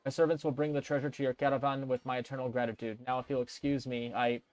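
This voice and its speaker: Man voicing a grieving wealthy widower in a game, held back, middle pitch. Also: level tone, quick pace, no echo, lightly acted, rough recording. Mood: restrained.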